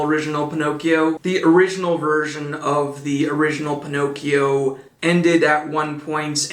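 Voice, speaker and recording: A man's voice: a little high, fairly bright tone, echoey room. A man narrating an old children's story and adding dry joking asides. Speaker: audiobook narrator. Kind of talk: casual storybook reading with asides.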